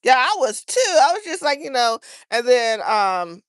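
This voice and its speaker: A woman's voice: fairly high pitch, big pitch swings, normal speed, no room sound, studio quality. A woman chatting casually on a livestream, rambling and earnest as she talks to viewers from her garden outdoors. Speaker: livestream host.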